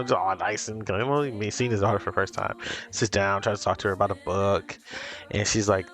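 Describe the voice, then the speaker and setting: A man giving a casual reaction review, recapping scenes excitedly with lots of "like" fillers. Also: fairly low pitch, fairly quick, soft background music. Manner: excited recapping, many "like" fillers, acts out quotes. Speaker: show reviewer.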